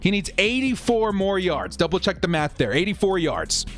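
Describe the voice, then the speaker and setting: A man's voice: high-pitched, moderate pace, faint music behind. Hyped young man streaming a game. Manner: excitable, hyped, chatty with viewers. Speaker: live stream host. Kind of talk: excited live commentary on a watch party stream.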